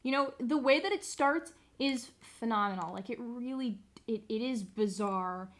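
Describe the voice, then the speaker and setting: A young woman streamer chats casually on a live stream, rambling, being sarcastic and swearing freely. Her voice is a little high and her pace measured.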